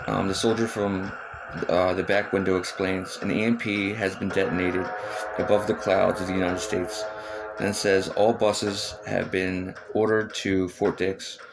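A man's voice: deep voice, vocal fry, rough recording. A man in his thirties, shaken and upset, rambling through a retelling of a dream with many ums and restarts. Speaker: vlogger recounting a dream. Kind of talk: casual spoken storytelling.

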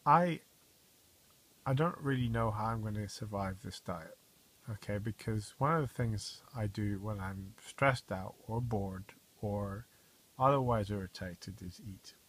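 A man casually vlogging at home, telling rambling stories in a wry, often quiet way. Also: fairly low pitch, measured pace. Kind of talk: casual diet vlog.

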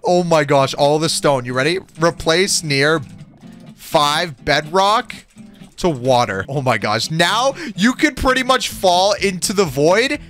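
A young man giving excited, giggly commentary over his gameplay, exclaiming often. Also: a little high, takes it slowly, faint music behind. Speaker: gaming video creator.

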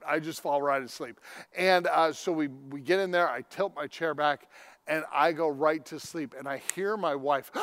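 A male pastor preaching a sermon in a conversational storytelling way, with sudden loud emphatic lines. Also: on the high side.

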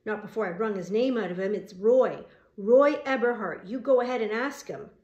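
A woman reading the part of a gruff, angry male construction foreman in an audiobook, loud and blustering. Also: mid-range voice, normal speed, roomy sound, dull audio, close to an everyday voice.

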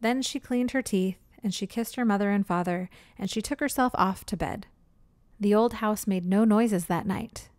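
Storybook reader, woman, expressive; dry close sound. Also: medium pitch, normal speed, dry recording. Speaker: read-aloud narrator. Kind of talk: children's storybook reading.

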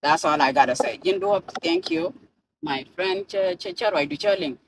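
A woman's voice: fairly low pitch, wildly swooping pitch, moderate pace, gravelly, noisy background. A South Sudanese woman in a car, ranting and swearing into her phone camera, switching between languages. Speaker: vlogger. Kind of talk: profane ranting vlog.

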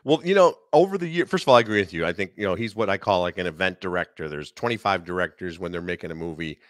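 A middle-aged man with a Chicago accent talks films as a podcast guest, chatty and animated with plenty of asides. His voice sits fairly low and is recorded close and dry, with no room sound. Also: fast, no echo. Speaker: guest film critic. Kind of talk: casual podcast conversation.

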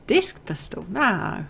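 A woman's voice: on the high side, big pitch swings, drawn-out words, vocal fry, fairly bright tone, a little hiss or hum. A woman hosting a casual gaming session, chatty and giggly as she thinks aloud while looting. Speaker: let's play host.

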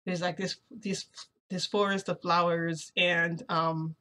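A young woman casually telling a story as a vlogger, chatty and excitable, often saying "freaking". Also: lowish voice, slow pace.

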